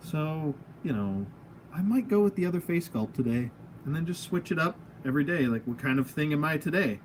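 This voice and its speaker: A man with a slightly raised, very lively voice hosts a loose toy review at his table. He rambles, trips over his words and chuckles at his own jokes. A faint hum of room sound sits behind him. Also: a little high, fairly quick. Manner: rambling, goofy, laughs at himself. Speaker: toy reviewer, channel host. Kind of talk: casual unscripted product review. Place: at home, at a table of figures.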